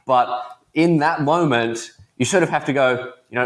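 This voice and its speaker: A man's voice: fairly high pitch, moderate pace, hardly any pauses. A teenage man with an Australian accent, chatting upbeat and laughing easily as a podcast guest. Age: teens. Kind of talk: casual interview chat.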